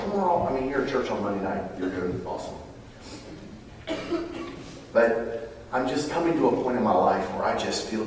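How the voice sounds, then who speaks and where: A man preaching a sermon to a live audience, animated, with loud emphatic bursts and quiet asides. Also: on the low side, recorded from a distance, slight background noise. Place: large room with live audience. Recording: roomy hall, picked up from afar.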